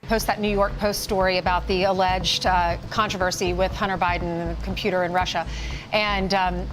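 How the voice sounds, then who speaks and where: A woman's voice: on the low side, flat delivery, normal speed, poor audio. A woman interviewing a guest on a broadcast, asking pointed, leading questions. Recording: broadcast clip with music behind. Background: music.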